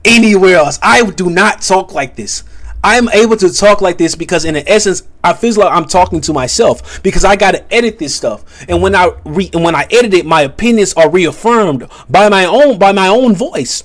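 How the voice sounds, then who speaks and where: A young man rambling through a spiritual commentary monologue as a content creator, stumbling over restarts and repeatedly checking in with the listener. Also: high voice. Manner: halting, many restarts, keeps asking "you see what I'm saying".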